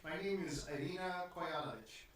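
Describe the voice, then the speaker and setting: A man voicing an elegant young noblewoman who answers in short, quiet, reserved phrases. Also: a little high, expressive, normal speed, very echoey, far from the mic, noisy background, close to an everyday voice.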